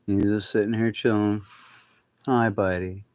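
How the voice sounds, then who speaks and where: A man's voice: fairly low pitch, little pitch movement, measured pace, a little mellow, a little hiss or hum. A man hosting a casual livestream from his backyard at night on a phone, rambling and talking to his pets. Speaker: livestream host.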